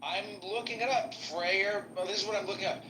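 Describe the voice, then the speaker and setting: A man's voice: high-pitched, steady tone, fairly quick, bright, forceful tone, slight background noise. A man hosting casual podcast chat, asking blunt, profane and sarcastic questions in an echoey room.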